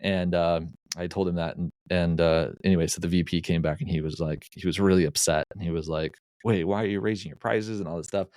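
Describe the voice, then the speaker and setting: Male podcast guest, low and dry, chatty storyteller who restarts a lot. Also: fairly quick, few pauses, smooth, no echo. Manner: animated anecdote-telling with frequent restarts. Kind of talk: casual storytelling.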